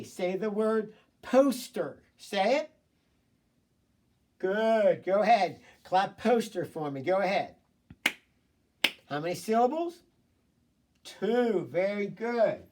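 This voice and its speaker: A man teaching a recorded phonics lesson to children, prompting them, praising answers and sounding out words slowly. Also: high-pitched, a little mellow, distant mic.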